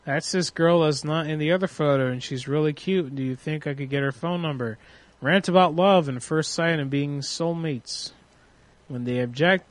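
A man with a slightly high voice hosts a prank call stream in loose, rambling talk. He cusses freely and reads out suggestions from the chat. The sound is dry and close. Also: no echo. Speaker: prank call show host. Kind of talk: casual livestream chat.

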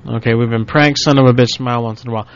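A man's voice: medium pitch, steady tone, very fast, highs cut off, noisy background. A man hosting a live web show, greeting viewers and teasing them in a joking, casual way. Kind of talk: casual chat.

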